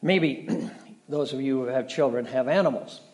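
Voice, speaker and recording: A middle-aged male pastor preaching a sermon, telling stories with dramatic shifts between loud and soft. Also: mid-range voice, normal speed. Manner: storytelling, dramatic shifts in volume.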